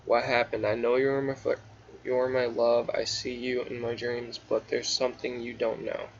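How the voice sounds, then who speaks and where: Man reading the part of a lovesick, secretive young hero, read flat, on a dull recording. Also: mid-range voice, normal speed, gravelly, a little hiss or hum, natural voice. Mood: tender.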